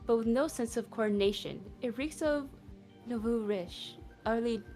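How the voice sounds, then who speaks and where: A woman's voice: on the high side, normal speed, mellow, close to an everyday voice. A woman reading the lines of a proud, elegant woman who scornfully defends herself. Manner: haughty, scornful. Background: faint background music.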